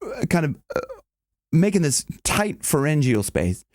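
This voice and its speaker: A male vocal coach explains singing technique casually and enthusiastically, his pitch swinging widely as he talks. He rambles and restarts often, and the recording is close and dry. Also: big pitch swings, unhurried, darkish tone, no room sound. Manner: enthusiastic, rambling, with many restarts and sung demonstrations.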